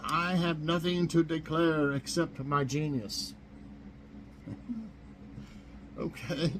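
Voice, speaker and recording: A man's voice: on the high side, fairly even intonation, slow, a bit bright, slight background noise, rough recording. A man hosting a casual morning chat show from his kitchen, rambling and chuckling at his own jokes. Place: home kitchen.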